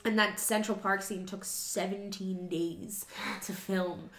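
A young woman chatting casually about a film, animated and laughing, acting out lines. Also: mid-range voice, takes it slowly. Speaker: podcast co-host. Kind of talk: casual chat. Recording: roomy echoey room.

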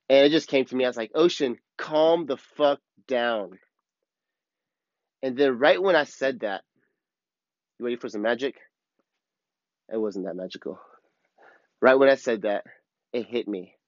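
A man's voice: medium pitch, dry recording, dull audio. A man hosting a podcast, telling a personal story in an earnest, casual way and swearing freely. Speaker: podcast host. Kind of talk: casual reflective monologue.

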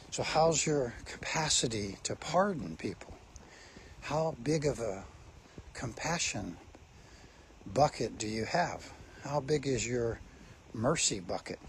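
A man's voice: mid-range voice, slight background noise. A man preaching a sermon, speaking emphatically and asking his listeners rhetorical questions.

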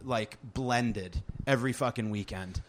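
A man's voice: medium pitch, a little slow, slight background noise. A young adult man, a stand-up comedian, telling an exasperated story in casual chat with swearing. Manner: animated, exasperated storytelling with profanity.

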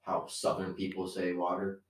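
A young man co-hosting a podcast who talks animatedly among friends and jumps into excited, emphatic bursts. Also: low voice, normal speed, distant mic. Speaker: podcast co-host. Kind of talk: casual chat among friends. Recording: echoey room, off-mic.

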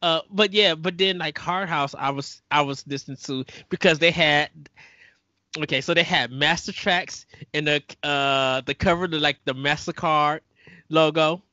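A man's voice: fairly high pitch, normal speed, bright, forceful tone, no echo, highs cut off. A man from Chicago chatting casually, telling stories and acting out songs and his own thoughts. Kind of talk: casual podcast chat.

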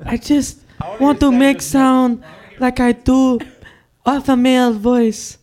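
A man putting on a boastful self-styled alpha male who speaks slow, broken English. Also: very high-pitched, level tone, darkish tone, voice pushed up. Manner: broken grammar, slow and deliberate.

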